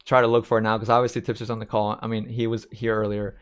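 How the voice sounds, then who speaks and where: A man's voice: on the low side, flat delivery, fast, clear, resonant tone, faint music behind. A man commenting casually on a replayed call, rambling and repeating himself. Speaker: streamer reacting to a clip of his own call-in.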